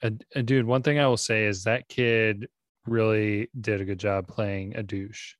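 Dude with a lowish voice chatting about a movie he just saw, kinda hesitant, dry mic. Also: steady tone, unhurried, no echo. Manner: easygoing, hesitant with ums and uhs. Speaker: podcast co-host. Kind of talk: casual movie chat.

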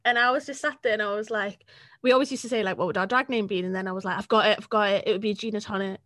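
A young woman, chatting casually as an interview guest, sweary and quick to laugh. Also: medium pitch, fairly even intonation, a bit bright, dry recording, clean studio sound. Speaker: podcast guest, freelance journalist.

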